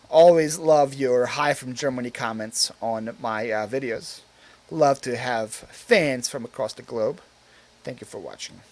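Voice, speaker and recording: Hosting a laid-back live stream in a mid-range voice, a man reads out viewers' comments and then responds, rambling and using plenty of filler words.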